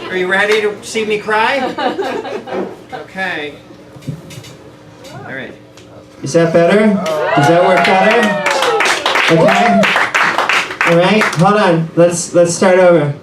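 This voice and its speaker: A man's voice: high-pitched, takes it slowly, pauses often, over a noisy crowd, very noisy. A man doing a rambling, self-deprecating stand-up set in a bar, ad-libbing through the trouble. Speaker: stand-up comedian. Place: bar comedy room. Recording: echoey room, mic far off.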